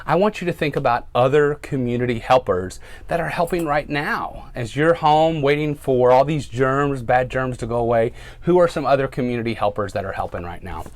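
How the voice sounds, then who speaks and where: A man who works as a firefighter reads a picture book aloud to children, with a lively storytime manner. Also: mid-range voice, moderate pace, hardly any pauses, no room sound.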